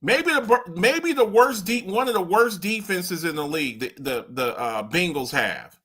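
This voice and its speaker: A man hosting a sports podcast, talking in an animated, rambling way, repeating himself and swearing casually. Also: high voice, measured pace, breathy edge. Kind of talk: casual sports talk commentary.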